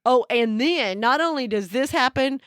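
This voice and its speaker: A woman co-hosting a casual couple podcast at home, halting and giggly, with plenty of fillers. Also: high-pitched, lively intonation, a bit bright, smooth, no echo, studio quality. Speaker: podcast co-host. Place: at home, cat in the room.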